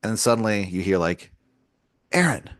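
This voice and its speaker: Low-pitched man spinning an improvised story, rambling, dry close sound. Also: lively intonation, measured pace, no room sound. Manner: loose and rambling, lots of fillers.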